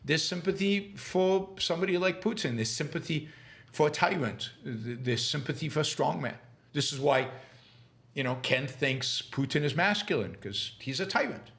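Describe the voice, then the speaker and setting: Halting, argumentative male livestream host. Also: a little high, lively intonation, gravelly, a bit bright. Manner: halting with many restarts and fillers, argumentative. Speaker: podcast host answering live questions. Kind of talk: livestream commentary and Q&A.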